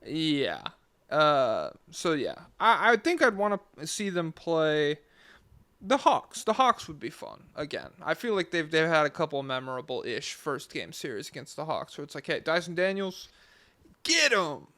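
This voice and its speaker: A man's voice: a little high, big pitch swings, moderate pace, bright, forceful tone. A man co-hosting a casual sports podcast, rambling in a laid-back way and swearing now and then. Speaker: podcast co-host.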